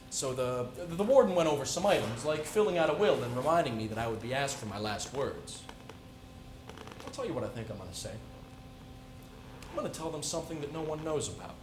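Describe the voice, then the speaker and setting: A teenage student performing a dramatic monologue as a calm but unhinged male serial killer on death row, confiding softly one moment and shouting in a frenzy the next. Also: mid-range voice, echoey room, noisy background, natural voice. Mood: quiet, confiding. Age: teens. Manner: soft, confiding menace breaking into frenzied shouting. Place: school auditorium stage.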